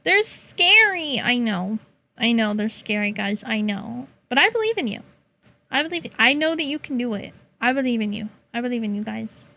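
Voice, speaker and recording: A young woman streaming, chatting playfully with her viewers, teasing and laughing often and breaking into high meows. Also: very animated, moderate pace, vocal fry, sharp tone. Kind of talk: casual chat with chat.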